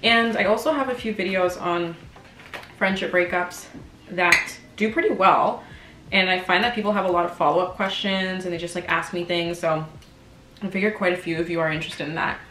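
Casual vlogger, woman in her twenties, lower register, candid and chatty, eating on mic in a roomy space with faint dish clatter. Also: fairly even intonation, moderate pace, fairly bright tone, a little hiss or hum. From Canada. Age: 20s. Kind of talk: casual chat. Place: home room, dining at table. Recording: echoey room with faint kitchen clatter.

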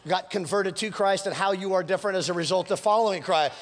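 Slightly hoarse guy preaching, animated and joking, high pitched, big echoey church hall. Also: fast talker, few pauses. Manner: animated, storytelling with playful asides and rising exhortations. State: hoarse from preaching several services. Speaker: pastor. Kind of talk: sermon. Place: church sanctuary. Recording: long church hall reverb.

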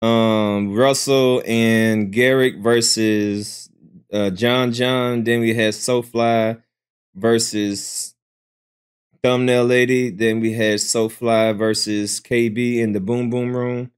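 A man hosting a live stream, recapping in a loose, profane, slangy manner and swinging between a low drawl and high squeals. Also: flat delivery, takes it slowly, smooth. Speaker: livestream host. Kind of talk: casual live-stream commentary.

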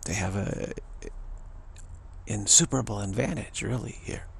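A man's voice: measured pace, creaky, a bit bright, a little hiss or hum. A man giving a rambling spiritual talk, repeating himself and stammering on restarts. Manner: mocking high voices for quoted people. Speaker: spiritual teacher.

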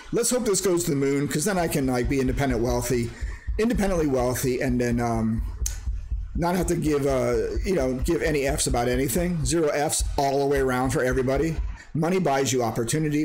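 A man's voice: mid-range voice, a little mellow, slight background noise. A man in a casual, rambling screen-share vlog about crypto mining who jokes around and breaks into silly sing-song bits.

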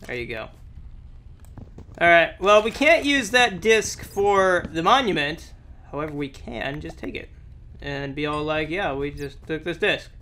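Young guy playing a game, kinda sick w a sore throat, high bouncy voice, slow talker who yells at stuff. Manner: excitable, exclamatory, talks to the game. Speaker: gameplay commentator. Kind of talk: let's play commentary.

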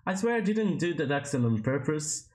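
A man's voice: a little high, very animated, moderate pace, darkish tone, a little hiss or hum. A man commenting on a video game he is playing, rambling and trailing off as he reacts. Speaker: gaming streamer. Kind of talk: let's play commentary.

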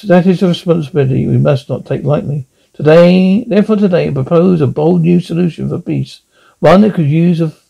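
Senator speechifying, earnest, kinda raspy guy doing the voice. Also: a little high, lo-fi sound. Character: idealistic senator, former astronaut.

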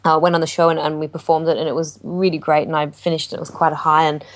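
Woman, low voice, lively anecdote-teller, interview guest. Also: fast talker. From Australia. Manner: animated storytelling with acted-out quotes. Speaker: jazz singer guest. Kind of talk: casual interview chat.

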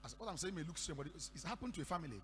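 A Nigerian man preaching a sermon, telling stories and breaking into shouted declarations. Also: a little high, sing-song, rapid-fire. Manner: storytelling with sudden shouted declarations. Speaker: pastor. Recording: echoey hall with faint hum.

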